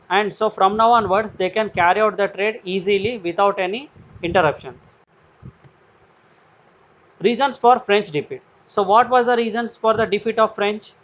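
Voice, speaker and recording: A man with an Indian English accent delivers a recorded history lesson in a fairly high voice, restating every point in plainer terms. The sound is dull and lo-fi, like a basic home recording. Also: fairly bright tone. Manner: repeats each point in simpler words. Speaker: history educator. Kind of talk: recorded video lecture.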